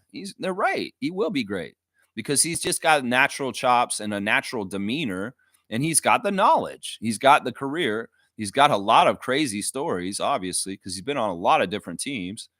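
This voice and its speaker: A man's voice: mid-range voice, sing-song, normal speed, a bit bright, dry recording. Male fan-stream host, casual and opinionated, dry close sound. Reads chat aloud. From United States and Canada. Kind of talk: live fan reaction stream.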